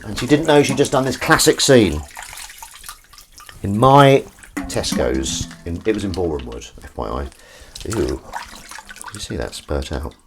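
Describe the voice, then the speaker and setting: A man's voice: lowish voice, big pitch swings, unhurried, long pauses, background noise. A man and actor chatting casually on a live stream while washing up, reading chat aloud and swearing now and then. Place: kitchen sink. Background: running tap water and dish clatter.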